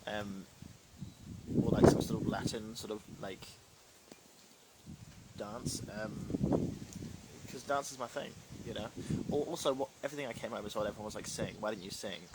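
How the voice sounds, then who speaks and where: A young man with a lowish voice, speaking at normal speed with frequent pauses, chats casually on a livestream. He's a drag performer reading and answering fan comments, full of fillers and rambling asides. The recording is very noisy.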